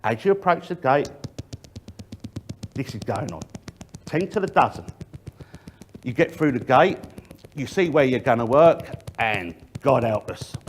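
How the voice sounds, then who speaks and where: A man's voice: mid-range voice, lively intonation, measured pace, pauses often, a little hiss or hum. A middle-aged man gives a public workplace safety talk, speaking directly to the audience and shifting his emphasis often.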